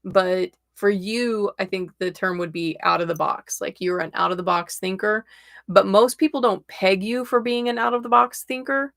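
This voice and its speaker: A young adult woman hosting a casual livestream tarot reading, chatty and excitable, laughing often. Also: mid-range voice, moderate pace, creaky, dry recording, studio quality. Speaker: tarot reader and livestream host.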